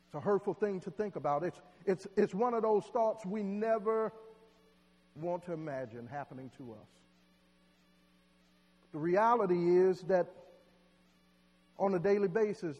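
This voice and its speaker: A man preaching a sermon, telling a story dramatically and building to loud, emotional peaks. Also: high voice, normal speed, highs cut off. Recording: long hall reverb.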